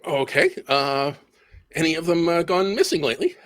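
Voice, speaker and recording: A man's voice: fairly high pitch, big pitch swings, normal speed. A man playing a tabletop role-playing game, hesitant, with lots of ums and restarts. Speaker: player. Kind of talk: in-character tabletop play.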